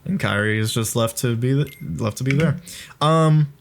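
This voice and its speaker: Excitable young man rambling commentary. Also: mid-range voice, normal speed, a little hiss or hum. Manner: excitable, rambling, swears freely, laughs a lot. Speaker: video creator giving commentary. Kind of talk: casual commentary over his own video.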